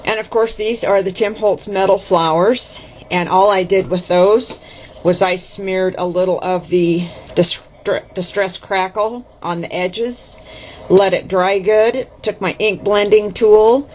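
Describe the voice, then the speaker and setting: A craft vlogger chats casually to her camera while showing off her projects, explaining every step and correcting herself in a folksy way. Her medium-pitched voice is slow and fairly even in intonation. The dull, lo-fi camera mic audio carries a little hiss or hum.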